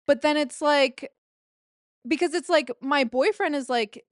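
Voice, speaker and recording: A woman's voice: high-pitched, moderate pace, no echo, studio quality. Rambling, confessional woman in her late 20s. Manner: rambling and confessional, heavy filler words, swears freely. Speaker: podcast host. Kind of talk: casual solo podcast monologue.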